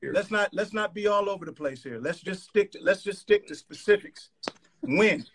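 A man in a heated argument on a live call, staying calm while pressing pointed questions. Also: high-pitched, normal speed, husky.

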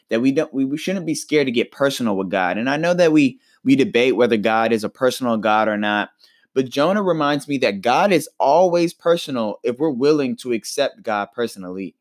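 A man's voice: mid-range voice, no echo, clean studio sound. A man preaching a recorded podcast sermon in an earnest, reflective way, often restarting and repeating words.

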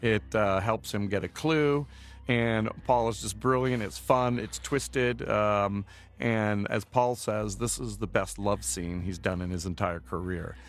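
A man talking through his film as director in a loose, meandering commentary, dropping filler words as he goes. His voice is lowish and gravelly. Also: steady tone, a little slow.

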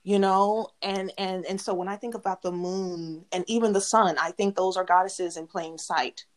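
A woman's voice: fairly low pitch, fairly even intonation. Earnest woman in her forties. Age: 40s. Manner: earnest, reflective, spiritual, pausing mid-phrase. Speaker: guest. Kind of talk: heartfelt personal sharing on a podcast.

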